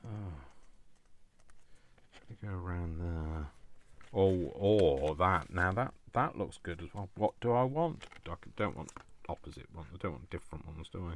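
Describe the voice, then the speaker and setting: Male craft host, very low voice, chatty self-talk with jokey asides. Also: lively intonation, normal speed, slight background noise. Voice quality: deep voice. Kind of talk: thinking aloud while crafting.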